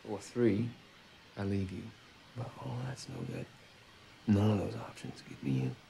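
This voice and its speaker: Brief: tender elderly husband, gravelly, lively pitch, under loud score. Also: male voice, a little slow, a little hiss or hum, full character voice. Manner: tender, soft-spoken. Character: devoted elderly husband, gentle and loving.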